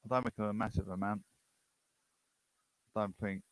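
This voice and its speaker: A man's voice: on the low side, steady tone, normal speed, low-quality recording. A man from the UK with a British accent, hosting a rambling, casual chat with strangers online. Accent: British English. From United Kingdom. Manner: rambling, chatty, unsure.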